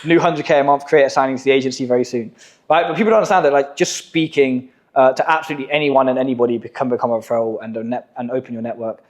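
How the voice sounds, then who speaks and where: A man's voice: mid-range voice, steady tone, rapid-fire. A young English man hosting a casual podcast chat, telling stories in slangy, profane talk. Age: young adult. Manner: slangy, swearing, storytelling. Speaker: podcast host, agency owner.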